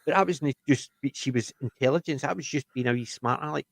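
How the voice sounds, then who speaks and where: A man's voice: medium pitch, fast, gravelly, dry recording. A man co-hosting a TV review podcast, chatting casually and retelling scenes in a rambling way with many restarts. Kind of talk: casual chat.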